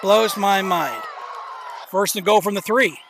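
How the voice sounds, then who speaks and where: A young man calling a live high school football game as play-by-play commentator, excitable, openly nervous and rooting for his team. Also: measured pace, vocal fry, a loud crowd. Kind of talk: live local sports commentary. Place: outdoor stadium bleachers. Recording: noisy outdoor stadium stream.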